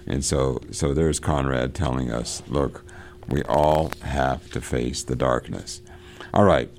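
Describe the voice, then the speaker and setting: A man hosting a radio program on literature, reading passages from a novel aloud and discussing them, talking in a halting way with many fillers and restarts. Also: rumbling low, steady tone, vocal fry, darkish tone, slight background noise.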